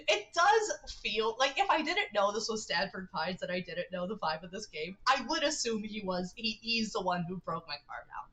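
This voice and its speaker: A woman's voice: medium pitch, pushed and bright, poor audio. A young woman livestreaming a dating game, reading its text aloud with giggly, chatty asides. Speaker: streamer.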